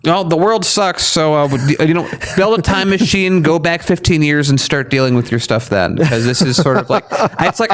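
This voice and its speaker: A young man holds forth on a news commentary show in a loose, argumentative style. He turns animated as he makes his points and mimics others in mocking voices. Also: fairly high pitch, brisk, few pauses. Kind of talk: casual opinion commentary.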